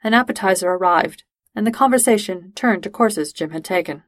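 A woman narrating a fan-fiction audiobook in a steady, even storytelling manner. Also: mid-range voice, brisk, no echo.

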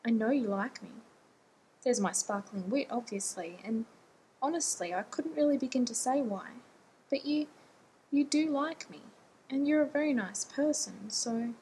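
An anxious, rambling man pleads with his partner in quick, self-deprecating bursts, as a woman narrator puts him on. His voice sits fairly high. A faint low rumble runs under the recording. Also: animated, dark tone, rough recording.

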